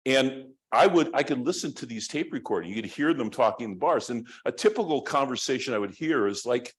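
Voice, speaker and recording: A man's voice: medium pitch, animated, a little fast. Rambling male lecturer telling a story. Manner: rambling, conversational, many restarts. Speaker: university lecturer.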